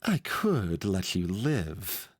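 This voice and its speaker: A man voicing a stern woman knight who speaks low, slow and menacing. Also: sing-song, a little hiss or hum, heavily acted.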